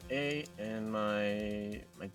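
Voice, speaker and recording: A man's voice: fairly low pitch, extremely slow, soft background music. A man playing a tabletop game, talking hesitantly and sighing while in character.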